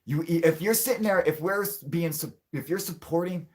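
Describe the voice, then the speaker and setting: A man's voice: on the high side, moderate pace, darkish tone. A man hosting a livestream, ranting angrily and swearing a lot as he answers the chat. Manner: angry, profane, ranting. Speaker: channel host.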